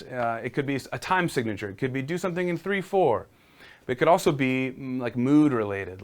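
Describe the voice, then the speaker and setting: A man's voice: mid-range voice, fairly bright tone, clear, resonant tone. A man teaching a casual live-streamed piano lesson, encouraging and talking viewers through exercises.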